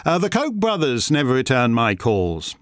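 Hosting a session for members, a man in a wheelchair reads out listener questions and answers them in a casual monologue that rambles, gets combative, and restarts often. His medium-pitched voice swoops wildly, his pace is moderate, and the recording is dry and studio quality.

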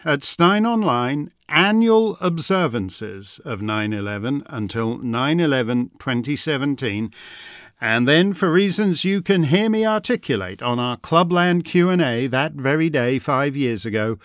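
A man's voice: medium pitch, dry recording, studio quality. Wry man hosting a call-in podcast. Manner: wry, theatrical delivery with frequent "uh" fillers. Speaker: host. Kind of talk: podcast monologue and listener questions.

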